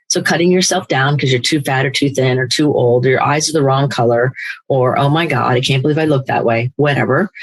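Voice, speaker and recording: An older woman hosting a recovery podcast, speaking in a firm, emphatic, animated motivational way. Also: low voice, husky, rough recording. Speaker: podcast host, recovery coach. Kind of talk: motivational talk.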